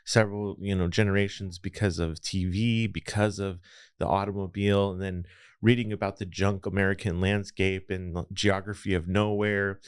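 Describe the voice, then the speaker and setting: A man's voice: sits low, flat delivery, normal speed, clear, resonant tone, dry recording, studio quality. A man, telling his story as a podcast guest in a reflective, rambling way. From Los Angeles area. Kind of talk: casual interview storytelling.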